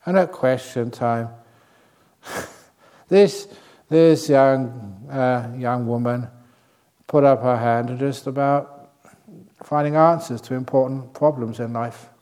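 A man giving a talk as a meditation teacher, playful and humorous, who laughs at his own jokes and shifts between slow, soft, spaced-out words and quick, high bursts to make his points. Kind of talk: spoken talk on calming the mind.

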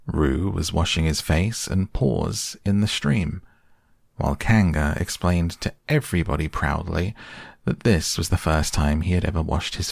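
A man reading a children's story aloud in a gentle, measured storytelling manner. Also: low voice, creaky, no echo, clean studio sound.

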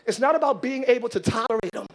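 A man preaching a sermon in church as pastor, acting out everyday scenes and shouting his points to the congregation. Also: extremely high pitch, expressive, fast.

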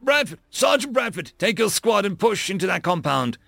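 A jittery young army lieutenant rattles off hurried, stammering orders, as a male narrator puts him on. His voice rises above the reader's own and carries a strained urgency, recorded dry and close. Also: high voice, very animated, gravelly, a bit bright, no echo, voice pushed up, heavily acted. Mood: flustered.

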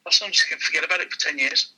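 Fast, bright-voiced man telling stories. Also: a little high, husky, poor audio. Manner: animated, quick anecdote with voiced quotes. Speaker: guest, former car dealer. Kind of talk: casual storytelling.

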